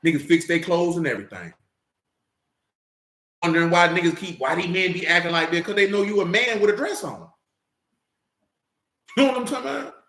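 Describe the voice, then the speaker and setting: A man's voice: sits high, expressive, brisk, pauses often, a bit bright. A man preaching in a casual, blunt way, with profanity and jokes mixed into his teaching. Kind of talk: casual sermon-style teaching. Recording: roomy echo.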